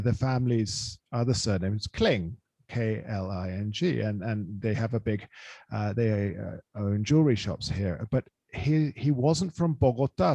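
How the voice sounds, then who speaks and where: A man hosting a podcast interview, in a voice of middling pitch. He rambles through his stories, restarting often and circling back. His voice is dry and close to the mic. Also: mellow, no room sound. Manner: rambling, many restarts and fillers. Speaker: podcast host. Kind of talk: casual interview chat.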